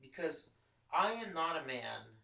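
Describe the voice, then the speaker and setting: A man's voice: on the high side, sing-song, measured pace, gravelly, bright, forceful tone, reverberant, far from the mic, low-quality recording. A man from Los Angeles hosting a podcast, telling a personal story in casual chat, candid and full of swearing. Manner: profane, candid, emotional storytelling. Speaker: podcast host.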